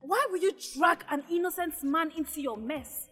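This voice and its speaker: A woman's voice: high-pitched, normal speed, sharp tone, big-room sound, faint music behind. A woman playing an angry young woman who confronts and demands answers.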